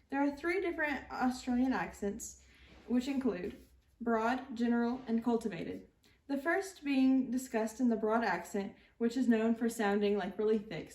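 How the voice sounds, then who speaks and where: A woman's voice: a little high, a little mellow, recorded from a distance. A young woman reading a class presentation, hesitant, with many ums and restarts. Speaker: student presenter. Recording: roomy echo, a little off mic.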